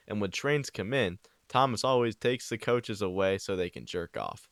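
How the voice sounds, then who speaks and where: A young man narrating a crude, improvised parody story into a home microphone, rambling and swearing with deadpan asides. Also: lowish voice, normal speed, gravelly, hardly any pauses, dry recording, clean studio sound. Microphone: new home microphone.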